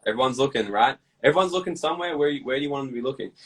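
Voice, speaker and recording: A man being interviewed, talking bluntly with lots of swearing and lively storytelling. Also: mid-range voice, rapid-fire, slightly rough, distant mic, low-quality recording. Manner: blunt, profane, animated storytelling. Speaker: guest. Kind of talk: casual interview chat.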